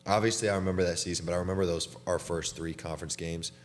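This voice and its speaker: A man's voice: sits low, steady tone, fast talker. A young man hosting a casual chat with a teammate, laid-back and chatty, laughing often and saying "dude" a lot. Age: young adult. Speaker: podcast host and college basketball player.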